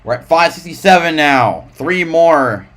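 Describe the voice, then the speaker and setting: A man's voice: on the high side, lively intonation, measured pace, a bit bright. A man live-streaming casual race commentary in a rambling way, with frequent restarts.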